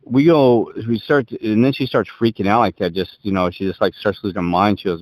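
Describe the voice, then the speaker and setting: A man's voice: lowish voice, fairly even intonation, quick pace, a little mellow, no echo. A man co-hosting a podcast, telling a long story in a rambling, self-interrupting, emphatic way. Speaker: podcast co-host. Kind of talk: casual chat, rambling storytelling. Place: Colorado.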